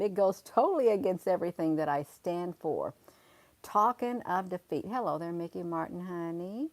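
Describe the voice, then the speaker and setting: A woman's voice: on the low side, moderate pace, a little mellow, dry recording. A woman, hosting a casual livestream and talking emphatically and repetitively to viewers, calling them honey. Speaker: livestream host.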